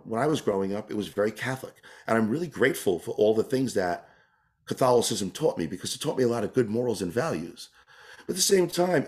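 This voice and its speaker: A man from New York, a tap dancer and entertainer, giving a long, earnest, rambling answer in an interview, often restarting his sentences. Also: fairly low pitch. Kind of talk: reflective casual interview answer.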